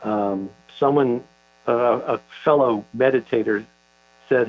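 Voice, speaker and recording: An older man talks through a story in a thoughtful, halting way, pausing on fillers as he goes. The recording is dull and lo-fi, with a low mains hum underneath. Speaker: author being interviewed. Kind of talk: conversational interview.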